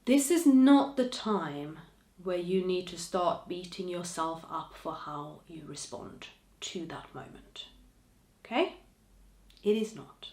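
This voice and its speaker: A woman hosting a podcast, speaking to listeners in a gentle, encouraging way with soft trailing endings. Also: lowish voice, lively intonation, slow, roomy sound. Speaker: podcast host. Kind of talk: reflective podcast monologue.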